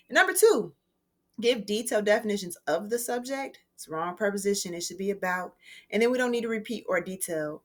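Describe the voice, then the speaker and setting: A woman teacher walks through a writing lesson in a recorded class. She explains in a clear, deliberate way and leans on key words for emphasis. Her pitch sits in an ordinary middle range. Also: a bit bright. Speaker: English teacher.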